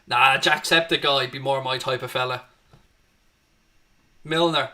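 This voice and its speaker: A man's voice: medium pitch, fairly even intonation, unhurried, pushed and bright. An Irish man hosting a live fan watchalong, chatting with viewers and calling the match action. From Ireland. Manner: chatty, greets viewers and reads their chat, lifts up at match action.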